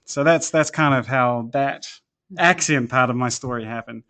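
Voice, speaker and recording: A man from New Zealand with an accent mixed between New Zealand and American, telling his story as a guest in a relaxed podcast chat, with lots of ums and self-deprecating asides. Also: medium pitch, moderate pace. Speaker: church planter guest. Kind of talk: casual podcast interview.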